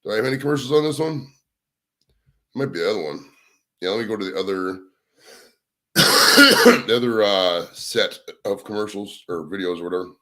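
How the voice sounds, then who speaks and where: A man's voice: fairly low pitch, animated, normal speed, long pauses, pushed and bright. A young man hosting a casual livestream from home, rambling and swearing as he chats to his viewers. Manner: rambling, profane, chatting to viewers. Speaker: livestream host. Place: home, indoors.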